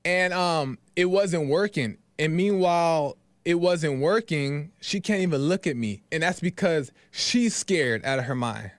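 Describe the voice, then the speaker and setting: Guy rambling thru a story on his podcast, kinda high voice, lots of "right?" and "you know", dry close mic. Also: a little slow, hardly any pauses, dry recording. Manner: loose, repetitive, talks in fillers and "right?". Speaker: podcast host. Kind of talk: casual storytelling monologue.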